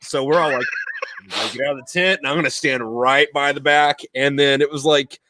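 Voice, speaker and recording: A man's voice: mid-range voice, fairly even intonation, fairly quick, pushed and bright. A young man telling profane war stories in casual chat, rambling with lots of fillers. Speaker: podcast host.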